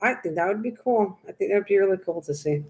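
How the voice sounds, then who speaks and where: A woman's voice: medium pitch, animated, fast talker, a little mellow. A woman from Canada with a French Canadian accent, chatting casually and teasing playfully. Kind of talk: casual chat.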